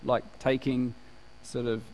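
A man's voice: mid-range voice, level tone, takes it slowly, darkish tone, a little hiss or hum, low-quality recording. A man from New Zealand preaching a sermon with energy, laughing and slipping into put-on voices to make his points. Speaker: pastor.

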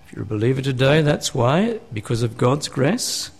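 A man preaching in an easy, conversational way, a pastor working through scripture with his congregation. His voice sits at a middle pitch, and he often turns to his listeners with rhetorical questions. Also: big pitch swings, moderate pace, vocal fry, slightly rough. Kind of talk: sermon. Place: church.

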